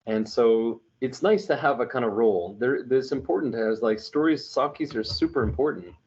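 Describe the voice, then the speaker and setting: Casual storyteller, male, from New Mexico: earnest, animated, rambling through his stories on a somewhat muffled recording. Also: medium pitch, normal speed, slight background noise. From New Mexico, United States. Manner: earnest and animated, with winding anecdotes and frequent restarts. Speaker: storyteller for an online religious media group.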